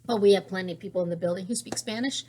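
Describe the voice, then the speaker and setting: A woman's voice: medium pitch, very fast, darkish tone, a little hiss or hum. A woman hosting a knitting podcast, chatting casually in a rambling way, full of restarts and fillers as she shows off her craft supplies at home. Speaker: teacher. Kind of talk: casual show-and-tell chat.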